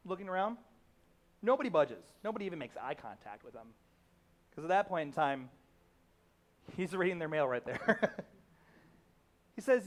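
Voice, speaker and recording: Pastor with a higher man's voice. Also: animated, moderate pace, long pauses. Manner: conversational storytelling with fillers, acting out quotes. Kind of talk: sermon.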